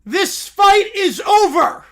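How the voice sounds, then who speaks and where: A man voicing a pompous male referee who loudly and slowly announces himself, read aloud from a story on a stream. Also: exaggerated voice. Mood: anguished. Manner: booming, slow, declaiming self-important shouts.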